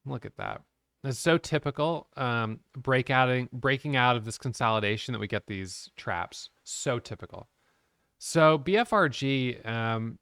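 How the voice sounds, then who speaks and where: A man's voice: mid-range voice, a bit bright, smooth, no room sound, studio quality. A man giving a casual, frank recap of his day trades, talking through the charts and openly criticizing his own mistakes.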